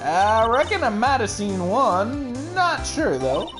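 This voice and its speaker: A woman's voice: on the high side, sing-song, slow pace, over music, voice pushed up. A woman doing a drawling Southern country gal. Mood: folksy. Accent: Southern US, put on. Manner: drawling, chatty, homespun sayings. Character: folksy young Southern woman photographer.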